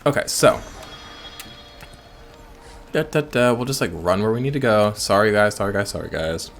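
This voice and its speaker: A man's voice: on the low side, animated, fast talker, a bit bright, faint music behind. An American man giving rambling, joking commentary over gameplay. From United States. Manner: rambling, joking asides and self-mocking chatter. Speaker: let's play host.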